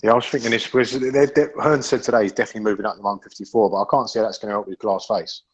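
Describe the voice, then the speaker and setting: A man's voice: on the low side, fairly even intonation, very fast. A man in a casual podcast chat about boxing, rambling with many restarts and swearing freely. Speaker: podcast panelist. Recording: dull lo-fi audio.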